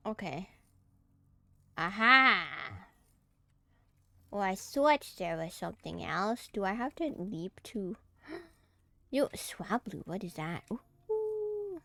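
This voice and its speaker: A woman's voice: mid-range voice, very animated, slow, pauses often, pushed and bright, dry recording. A woman streamer chatting casually as she plays a game, easily startled and giggly. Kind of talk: casual gameplay commentary.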